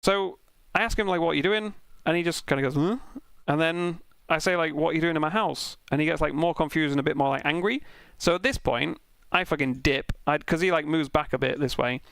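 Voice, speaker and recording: A young man casually telling an animated, sweary anecdote while streaming a sim race. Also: on the high side, a little fast, vocal fry, clean tone, no echo. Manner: animated, swearing, self-mocking anecdote with laughs.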